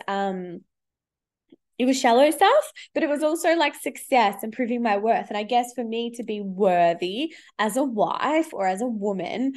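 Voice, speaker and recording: A forthright woman coach in her thirties talks openly and swears casually. Her voice sits a little high for a woman, and she speaks in a loose, chatty podcast manner. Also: a little mellow. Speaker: life coach.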